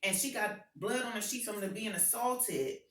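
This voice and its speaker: Bright-voiced woman preaching in an echoey hall. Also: mid-range voice, normal speed. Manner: emotional, swings from hushed to shouting. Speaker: motivational speaker. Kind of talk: impassioned personal testimony to a live audience. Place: event hall with an audience. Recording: echoey hall, voice picked up from far off.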